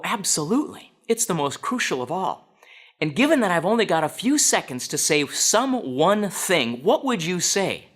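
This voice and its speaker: A man giving a storytelling talk to an audience, animated and asking listeners direct questions. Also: on the high side. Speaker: speaker.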